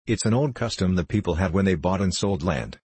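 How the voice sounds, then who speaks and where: An ancient, mischievous male sprite, read aloud by a man tells of old magic with a wry, knowing edge. His voice sits low and a little husky. The audiobook recording is close and dry. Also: animated, brisk, a little mellow, dry recording, full character voice. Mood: coaxing. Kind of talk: audiobook character reading.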